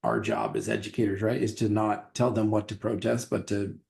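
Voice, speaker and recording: Low, mellow-voiced male teacher chatting. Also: sing-song, brisk, creaky. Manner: rambling, restarts with many fillers. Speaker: teacher and podcast co-host. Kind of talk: casual podcast chat.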